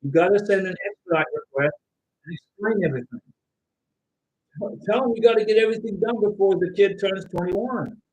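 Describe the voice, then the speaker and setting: A middle-aged man hosting a casual livestream, loudly reading out viewer comments and giving advice, at times yelling. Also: sits high, fairly quick, husky, lo-fi sound. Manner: loud, animated, at times yelling. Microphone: home microphone with interference noted by viewers.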